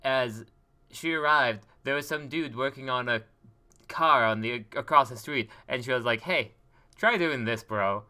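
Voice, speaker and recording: A man's voice: mid-range voice, moderate pace, pushed and bright. A man recapping a tabletop role-playing session in a rambling, joking way, laughing often as he goes. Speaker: player recapping the story. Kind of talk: casual tabletop game recap.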